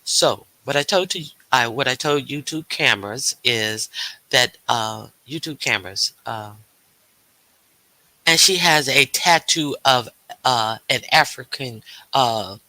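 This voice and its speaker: A man's voice: medium pitch, slow pace, bright, forceful tone, no room sound, rough recording. A man hosting a casual livestream, talking in a rambling, hesitant way with many fillers and restarts, reading and answering viewer chat aloud. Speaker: livestream host.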